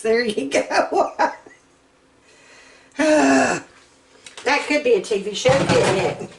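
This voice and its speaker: A woman's voice: sits high, expressive, drawn-out words, creaky, pauses often, slight background noise. A middle-aged woman, chatting in a folksy, rambling way while showing a recipe in her home kitchen. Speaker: home cook host. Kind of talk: casual cooking demonstration.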